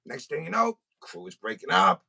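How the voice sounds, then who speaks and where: A man hosting a podcast and ranting in an animated, comic way. His voice is gravelly and husky with a bright, forceful edge. His pitch swings widely. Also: normal speed. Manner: animated, profane, comic storytelling. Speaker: podcast host. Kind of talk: casual podcast rant. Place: studio.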